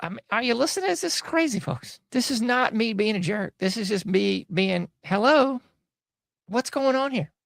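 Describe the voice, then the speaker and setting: Sarcastic man, gravelly voice. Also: high voice, moderate pace, hardly any pauses, fairly bright tone, dry recording, clean studio sound. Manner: sarcastic, rambling, mocking asides. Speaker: podcast host. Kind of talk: opinionated commentary monologue.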